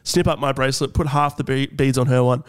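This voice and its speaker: A young man co-hosting a podcast, telling a funny story in a casual, animated way, laughing often and acting out the dialogue. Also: mid-range voice, quick pace, clean tone. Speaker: podcast co-host.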